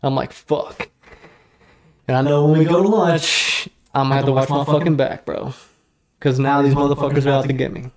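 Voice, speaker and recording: A man guest on a podcast, telling a story in a casual, animated, slang-heavy and profane way. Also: mid-range voice, fast talker. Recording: roomy echo.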